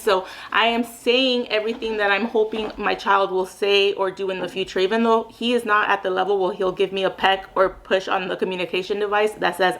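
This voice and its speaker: A woman's voice: mid-range voice, steady tone, a little fast, few pauses, fairly bright tone, slight background noise, low-quality recording. A young woman, a mom and speech therapist, giving casual advice in a chatty way with many fillers.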